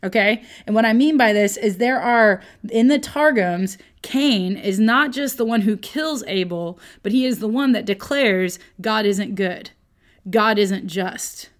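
A woman's voice: mid-range voice, unhurried. A woman teaching a casual Bible lesson, conversational and playful, who often checks in with her listeners. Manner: conversational, keeps checking in with "okay?", playful asides.

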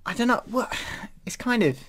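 A man's voice: extremely high pitch, lively intonation, moderate pace, fairly bright tone. A man hosting a podcast in casual chat, rambling and hesitant with lots of fillers. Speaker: podcast host.

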